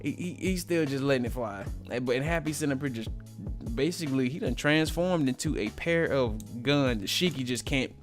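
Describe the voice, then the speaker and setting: A man's voice: medium pitch, normal speed, soft background music. A man giving a casual, joking recap of a manga chapter, full of slang and asides.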